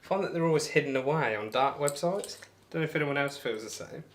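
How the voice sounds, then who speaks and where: A fast-talking young adult man with a fairly high voice streams darts over a noisy background. He chats casually and rambles, poking fun at himself and reading out viewer comments to answer them.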